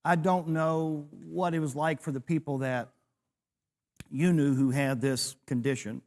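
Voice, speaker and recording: A man's voice: on the high side, steady tone, measured pace, a little mellow. A man in his sixties, a preacher, teaching a church class, telling a personal story with self-deprecating humor.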